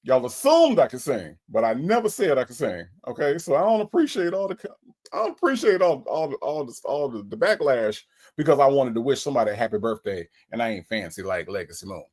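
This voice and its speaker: A man hosting a casual livestream, reading viewer comments aloud and answering them with playful mock offense. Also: medium pitch. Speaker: livestream host.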